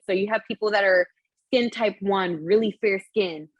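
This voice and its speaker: A woman's voice: mid-range voice, normal speed, no room sound, muffled recording. A young woman co-hosting a casual podcast chat, laughing often and swearing casually as she tells stories. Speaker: podcast co-host.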